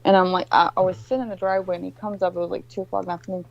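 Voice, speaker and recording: A woman's voice: lowish voice, little pitch movement, rapid-fire, vocal fry, dull audio. A woman telling a story in casual chat, blunt and swearing constantly, on a call. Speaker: guest.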